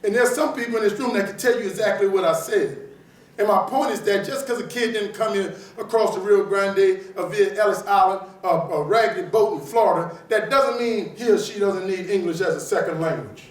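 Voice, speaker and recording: A motivational keynote from a man from New Orleans, USA, with a New Orleans accent, who animatedly acts out the characters in his stories. His high voice moves fairly quickly. Recorded from far off in a large auditorium, the audio is echoey.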